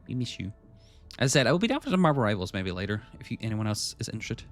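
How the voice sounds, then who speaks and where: A male streamer talks casually to his chat while playing, greeting viewers by name and musing over quests. His pitch moves a lot, and faint music plays under his voice. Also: very animated, rapid-fire. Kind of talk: casual game streaming, reading game text aloud.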